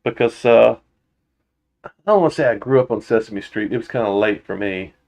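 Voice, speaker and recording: A man hosting a casual livestream for his motorcycle channel, reading viewer comments aloud and answering them with rambling, halting restarts and frequent laughter. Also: medium pitch, vocal fry, darkish tone.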